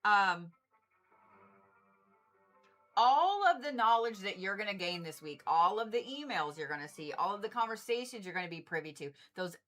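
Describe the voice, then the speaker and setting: A woman doing a casual livestream card reading, blunt and animated, swearing freely and repeating herself for emphasis. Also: mid-range voice, normal speed, faint music behind. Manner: animated, exasperated asides. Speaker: Reiki and zodiac card reader.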